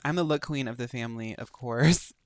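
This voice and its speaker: A man's voice: medium pitch, fairly quick, noisy background. A young man streaming a video game, reacting with sassy, campy banter and playful teasing. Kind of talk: live game stream commentary.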